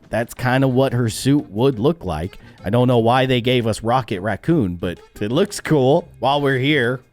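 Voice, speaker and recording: A man doing casual reaction commentary as a YouTuber, animated, laughing and easily shocked, on a close desk mic. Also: mid-range voice.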